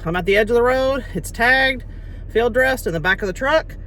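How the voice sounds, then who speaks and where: A woman's voice: fairly high pitch, moderate pace, fairly bright tone, slight background noise. Chatty Texan woman vlogging outdoors. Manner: chatty, laughs easily. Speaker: hunter vlogger. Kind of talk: casual vlog talk to camera. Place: outdoors on a ranch.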